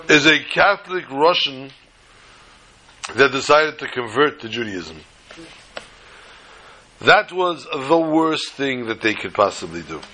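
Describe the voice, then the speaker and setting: Bright-voiced man telling folksy stories. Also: medium pitch, slight background noise. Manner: folksy, joking asides. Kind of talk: storytelling talk to a small gathering.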